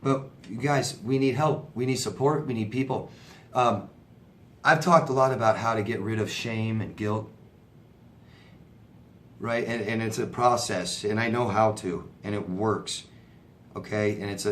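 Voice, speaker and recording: A man's voice: lowish voice, fairly even intonation, moderate pace, fairly bright tone, slight background noise. A man answering viewer questions as a relationship coach, in a conversational, sympathetic way, often asking "right?". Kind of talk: casual advice talk.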